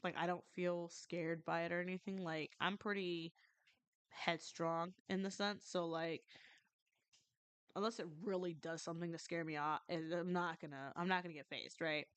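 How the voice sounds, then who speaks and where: A woman's voice: on the low side, fairly even intonation, normal speed, clear, resonant tone, no echo. A woman casually telling a ghost story to her stream, rambling with many restarts and some swearing.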